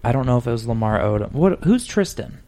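Gravelly male podcast host, loose and rambling, mid pitch. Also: big pitch swings, warm tone. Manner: rambling, quick storytelling, puts on voices. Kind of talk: casual chat.

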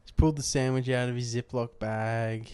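A man's voice: mid-range voice, steady tone, normal speed, darkish tone, smooth, no echo. A young man co-hosting a podcast, telling stories in a loose, sweary, filler-heavy way. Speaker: podcast co-host. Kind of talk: casual chat.

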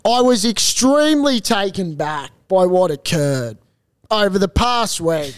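A man's voice: sits high, sing-song, measured pace, smooth. A man co-hosting a podcast, trading crude jokes in casual banter. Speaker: podcast co-host. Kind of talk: casual chat.

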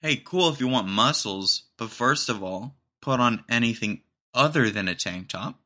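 A man's voice: mid-range voice, expressive, moderate pace, pushed and bright. A young man hosting a podcast, rambling through a casual comedic monologue with sarcasm and laughter at his own jokes. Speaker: podcast host.

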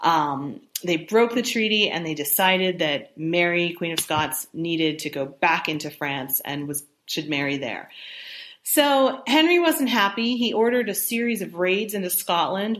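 A woman's voice: on the low side, a bit bright. Woman chatting through a history lesson. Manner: conversational with fillers and self-corrections. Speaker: history presenter. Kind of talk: casual history talk.

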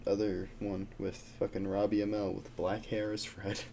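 A man's voice: lowish voice, level tone, moderate pace, creaky, mellow, slight background noise. A young man co-hosting a casual pop-culture podcast, rambling loosely and swearing offhand. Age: young adult. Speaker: podcast co-host.

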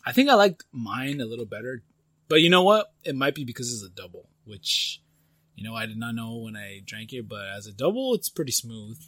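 Husky-voiced man teasing his co-host. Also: mid-range voice, big pitch swings, fairly quick, a bit bright, no room sound. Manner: easygoing, teasing. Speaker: podcast co-host. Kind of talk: casual beer-tasting chat.

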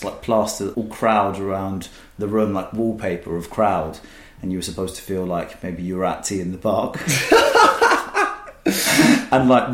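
A man's voice: lowish voice, darkish tone, roomy sound. A man casually telling stories as a podcast guest, rambling and swearing freely. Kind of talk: casual storytelling.

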